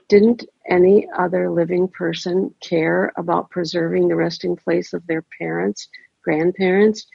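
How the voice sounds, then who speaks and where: A woman reading a first-person story aloud in a measured, deliberate way. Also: on the low side, vocal fry, husky, dry recording. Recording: dry, dull lo-fi recording.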